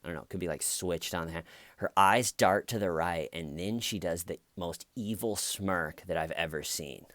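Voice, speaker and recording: Casting: low-voiced man, unhurried wry commentary, dry close mic. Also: a bit bright, no room sound. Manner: slow, wry, acts out quotes in mocking voices. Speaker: commentary vlogger. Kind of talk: casual commentary monologue.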